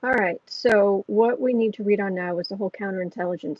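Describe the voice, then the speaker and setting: A woman's voice: mid-range voice, brisk, a little mellow, dry recording. A woman hosting a tarot livestream, chatting earnestly with viewers in a rambling way, with many restarts. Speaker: tarot reader and livestream host. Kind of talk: casual livestream chat, reading viewer comments. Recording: dull lo-fi sound.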